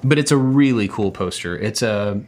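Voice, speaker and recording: A middle-aged man co-hosting a podcast, telling stories in a relaxed, chatty way with many fillers and laughs. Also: fairly low pitch, moderate pace. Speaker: podcast co-host. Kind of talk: casual chat.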